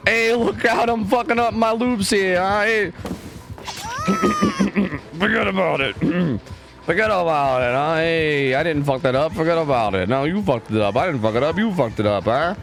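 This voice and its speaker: Guy doing a new york italian wiseguy bit, loud and gossipy, big tough-guy talk. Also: a little high, measured pace, creaky, music in the background, pitched above the performer's own voice. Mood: blustery. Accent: put-on New York Italian. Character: brash New York Italian wiseguy, middle-aged man.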